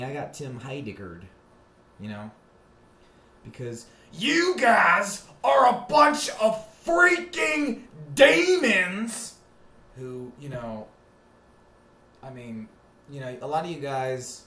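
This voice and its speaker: A man's voice: fairly low pitch, slight background noise. Male podcast host, sarcastic and profane, loose rambling delivery in a roomy space. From South Florida. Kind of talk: comedic podcast monologue. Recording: roomy echo with faint ambience.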